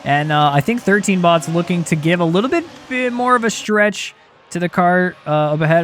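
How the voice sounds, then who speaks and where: A young man commentating a sim racing league race live, excitable and quick to shout at close battles. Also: high-pitched, slight background noise.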